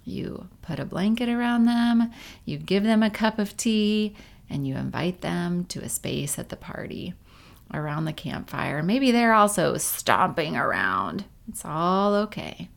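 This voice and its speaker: A woman with a low, gravelly voice leads a guided meditation. She talks slowly and gently, unhurried, dropping in casual fillers now and then. Her tone stays calm and easygoing.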